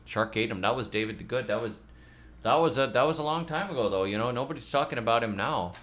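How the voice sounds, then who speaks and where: A middle-aged man chats casually on his gardening channel. He rambles and pokes fun at himself, often doubling up his words, at a middle pitch. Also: lively intonation, quick pace, fairly bright tone. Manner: rambling, self-mocking, repeats words often. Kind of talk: casual rambling vlog chat.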